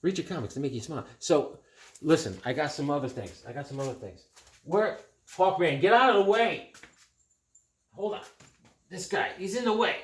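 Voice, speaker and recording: Brief: middle-aged man, excitable and jokey, slightly higher-pitched voice, casual show-and-tell vlog at home. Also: moderate pace, long pauses. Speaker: comic collector vlogger.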